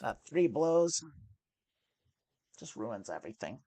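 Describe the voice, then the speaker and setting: A woman's voice: a bass voice, big pitch swings, slow pace, mellow, dry recording. A woman streaming from home, casually explaining her poker plays with some swearing. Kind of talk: casual play-by-play commentary.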